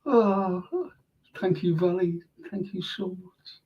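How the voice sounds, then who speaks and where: A man's voice: high-pitched, measured pace, dull audio. An older man hosting a live fan phone-in style show, chatting casually and reading viewer messages aloud with open emotion. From England. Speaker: host.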